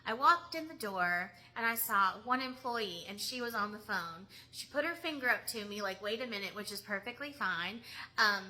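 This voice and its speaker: A woman's voice: medium pitch, lively intonation, moderate pace, pushed and bright, poor audio. A woman who works as a mystery shopper, ranting in an emphatic, indignant way in a casual vlog.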